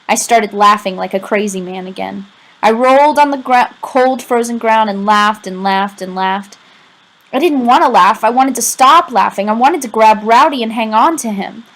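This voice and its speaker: A woman's voice: fairly high pitch, moderate pace, fairly bright tone, low-quality recording. Woman narrating a novel conversationally. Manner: conversational, confiding asides. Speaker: audiobook reader. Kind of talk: first-person novel narration read aloud.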